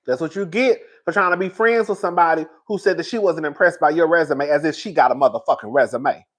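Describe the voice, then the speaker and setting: A young man giving sassy, dramatic reality TV commentary, swinging between loud outbursts and calm asides. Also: fairly high pitch, fast talker. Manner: sassy, calls listeners girl. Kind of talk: casual reaction commentary.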